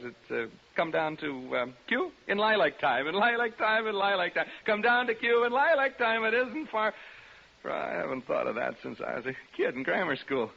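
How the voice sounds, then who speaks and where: An actor in a 1940s radio play, playing a radio DJ alone in a haunted house who rambles and hums to himself. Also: male voice, mid-range voice, gravelly, sharp tone, breathy edge, exaggerated voice. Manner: rambling, jittery, talks to himself and hums a tune. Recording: muffled 1940s radio recording.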